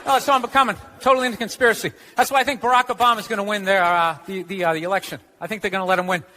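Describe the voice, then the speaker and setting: An American man does a sarcastic, profanity-laced stand-up set in a comedy club, ranting at a very fast clip. His voice is high and bright with a forceful edge, and his intonation stays fairly even. The live recording picks up crowd laughter and room noise.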